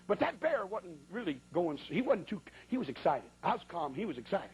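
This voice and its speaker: A man's voice: high-pitched, very animated, brisk, darkish tone, slightly rough, low-quality recording. A man preaching in a church, telling a folksy, colloquial story as part of a sermon. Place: church at a pulpit.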